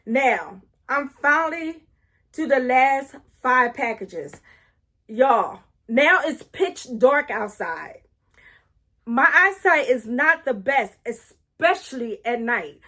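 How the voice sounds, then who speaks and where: A middle-aged woman telling a casual story-time vlog. She speaks animatedly, keeps turning to her viewers with asides, and restarts her sentences often as she gets excited. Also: high-pitched, takes it slowly. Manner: animated, talks straight to viewers with frequent asides.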